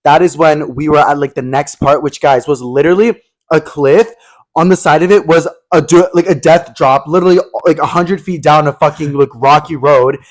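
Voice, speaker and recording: A man in his twenties, co-hosting a casual podcast, telling an animated story and acting out the people in it. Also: a little high, normal speed, rough recording. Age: 20s. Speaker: podcast co-host. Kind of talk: casual chat.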